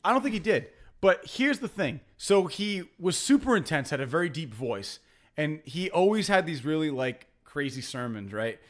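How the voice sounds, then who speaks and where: A man's voice: on the high side, very animated, moderate pace. Rambling young man telling a story. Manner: rambling storyteller, many fillers and restarts. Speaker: podcast host. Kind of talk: casual podcast banter.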